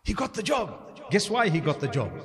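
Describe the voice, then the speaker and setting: A man's voice: high voice, wildly swooping pitch, normal speed. A man giving a sermon, mixing jokes and conversational asides with pious interjections. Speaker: Islamic preacher. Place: lecture hall. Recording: long hall reverb.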